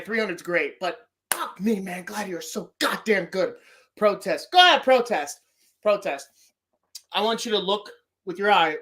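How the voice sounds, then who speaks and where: A man hosting a podcast who rants about movies in an excitable, profanity-heavy way. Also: sits high. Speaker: podcast host. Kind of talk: casual movie-ranking rant.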